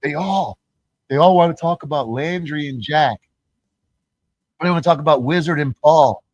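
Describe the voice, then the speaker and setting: A man's voice: fairly high pitch, normal speed, darkish tone, dry recording, dull audio. A man streaming a profane, mocking rant, laughing between points and mimicking his critics in sing-song voices. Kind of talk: ranting livestream monologue.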